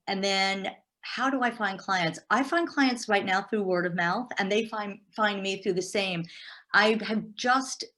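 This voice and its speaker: A middle-aged woman, a business coach, speaks as an interview guest in casual conversation. Her mid-range voice moves at a measured pace, animated and emphatic, often repeating words as she restarts.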